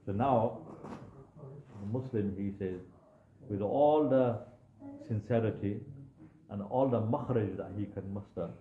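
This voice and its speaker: A man's voice: on the low side, unhurried, long pauses, roomy sound, phone-quality sound, slight background noise. A young man preaching a sermon, telling a story dramatically with frequent asides to his audience.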